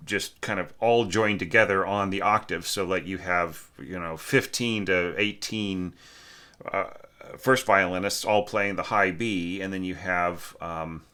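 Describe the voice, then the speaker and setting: A man's voice: low-pitched, steady tone, unhurried, bright, forceful tone, smooth. A man teaching orchestration, giving a rambling spoken critique full of fillers, restarts and tag questions. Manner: rambling, many fillers and restarts, frequent "right?".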